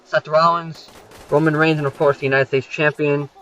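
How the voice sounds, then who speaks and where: A man's voice: on the high side, little pitch movement, normal speed, fairly bright tone, poor audio. A young man rambling through a wrestling recap over gameplay, swearing freely and filling gaps with "you know" and "um".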